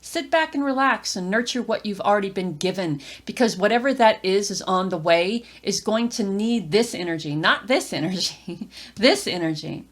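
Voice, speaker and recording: A woman's voice: mid-range voice, expressive, normal speed. Rambling woman giving a tarot reading. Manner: rambling, repeats herself, many fillers and restarts; addresses the viewer directly and encouragingly. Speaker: tarot reader.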